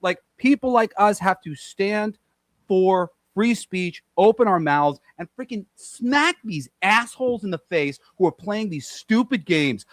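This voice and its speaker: A man's voice: high-pitched, no echo. A man co-hosting a podcast, ranting emphatically with lots of profanity. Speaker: podcast co-host. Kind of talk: heated casual podcast rant.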